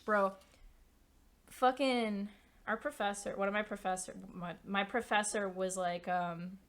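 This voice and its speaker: A woman's voice: mid-range voice, measured pace. A woman in her twenties chatting casually on a stream, rambling through stories and swearing freely. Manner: rambling, swearing, animated storytelling. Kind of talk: casual chat.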